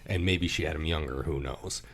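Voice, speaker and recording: Deep-voiced man chatting about a film. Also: moderate pace. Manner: animated, quotes lines in put-on voices, swears often. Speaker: podcast co-host. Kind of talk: casual movie review chat.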